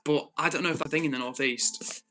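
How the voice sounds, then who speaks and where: Northwest english guy on a live stream, earnest and calm, lots of restarts, really bright tone. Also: fairly high pitch, fast, a little hiss or hum. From Northwest England. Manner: calm, earnest, lecturing a troll with frequent restarts. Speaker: livestream host. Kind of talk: live stream chat reading.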